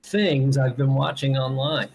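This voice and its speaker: A man co-hosting a podcast in casual chat, animated, acting out other people and swearing freely. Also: mid-range voice, a little slow, vocal fry, background noise. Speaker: podcast co-host.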